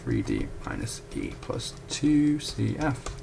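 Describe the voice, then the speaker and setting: A man's voice: mid-range voice, huge pitch swings, takes it slowly, vocal fry, background noise. A young man talks casually through a math proof at a whiteboard, correcting himself and apologizing along the way. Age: young adult. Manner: chatty, self-correcting, apologetic asides. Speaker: student tutor.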